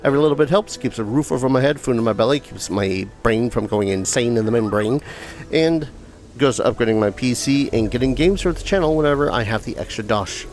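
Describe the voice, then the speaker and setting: A man's voice: medium pitch, animated, brisk, darkish tone. A man hosting a let's play, giving casual, rambling gameplay commentary with joking asides. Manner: rambling, joking asides, reads game text aloud.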